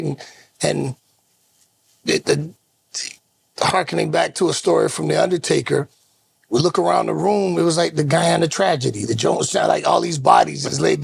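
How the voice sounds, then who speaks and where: A man co-hosting a podcast, telling an animated road story in casual chat and acting out the voices in it. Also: a little high, gravelly, husky. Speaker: co-host.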